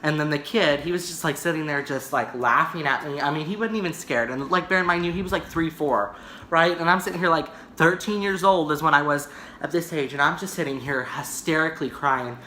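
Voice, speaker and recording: Bright-voiced man telling a dramatic story. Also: fairly high pitch, fairly quick, slight background noise. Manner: dramatic, rambling storytelling with frequent "right?". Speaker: vlogger. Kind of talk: storytime vlog. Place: indoor room, on camera. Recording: echoey room.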